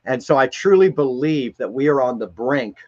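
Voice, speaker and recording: A man's voice: mid-range voice, animated, normal speed. Emphatic man on a lo-fi stream. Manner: emphatic, rambling, repeats words. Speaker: guest speaker on a spiritual live stream. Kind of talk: casual spiritual talk.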